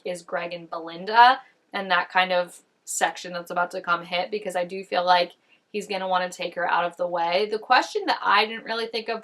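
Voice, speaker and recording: A woman's voice: medium pitch, a bit bright. A young woman hosting a TV reaction video, talking casually and musing aloud, full of "like" and "I don't know". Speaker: TV reaction host.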